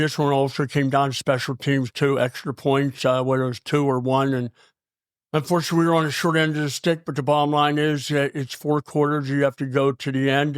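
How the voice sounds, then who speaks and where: A man's voice: mid-range voice, clean tone, no echo. A man in his sixties, the family's father, chatting enthusiastically and emphatically on a family podcast. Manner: enthusiastic and emphatic, rising to cheers. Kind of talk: casual family podcast chat.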